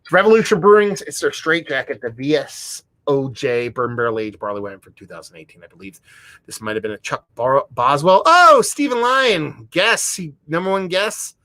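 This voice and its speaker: A man hosting a livestream beer review, talking in a rambling, excitable, heavily profane way. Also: mid-range voice, dry recording. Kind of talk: casual livestream chat. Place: home room.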